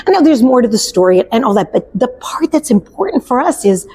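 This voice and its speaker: A woman therapist and parent coach, a guest in an interview, telling a story with lively acted-out lines. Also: on the high side, brisk, slight background noise. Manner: animated storyteller acting out characters' lines. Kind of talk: storytelling in conversation.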